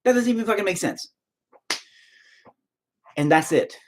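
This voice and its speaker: A man's voice: high-pitched, animated, unhurried, a little hiss or hum. A man ranting in casual podcast talk, profane and rambling.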